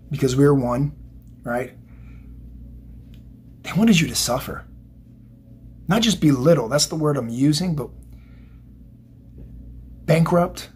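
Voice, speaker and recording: Husky man, fairly high voice, psychic tarot reading, emotional, motivational, repetitive. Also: darkish tone. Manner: emotional, motivational, rambling with repeats. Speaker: tarot reader.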